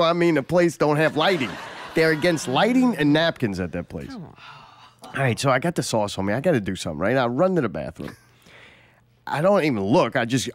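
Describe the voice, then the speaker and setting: A man's voice: mid-range voice, noisy background. A man hosting a radio show, telling a long, profane story in casual banter and often laughing as he talks. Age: adult. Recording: loud crowd behind. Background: crowd chatter.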